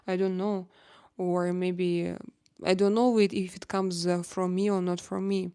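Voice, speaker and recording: A woman's voice: on the low side, flat delivery, unhurried, warm tone, smooth. A middle-aged woman with a Russian accent hosting a casual livestream chat and reading viewer comments aloud. She talks hesitantly, with many filler sounds and playful teasing.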